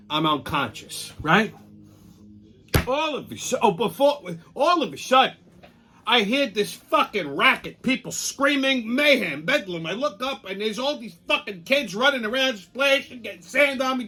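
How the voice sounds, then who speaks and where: Profane ranting New man. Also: a little high. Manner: profane, ranting, animated storyteller. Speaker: show host. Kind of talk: casual storytelling monologue.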